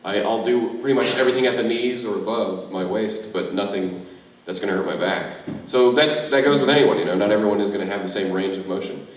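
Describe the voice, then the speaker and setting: A man's voice: on the low side, fast, a little hiss or hum. A man on a convention panel, talking casually and chattily, often adding "like" and "you know". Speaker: convention panelist, mime performer. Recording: echoey hall, far from the mic.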